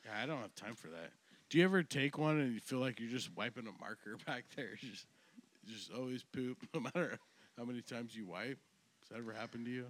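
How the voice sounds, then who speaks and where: A man's voice: medium pitch, a little fast. A man hosting a casual podcast chat, loose and laughing with crude humor. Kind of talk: casual chat and joke telling.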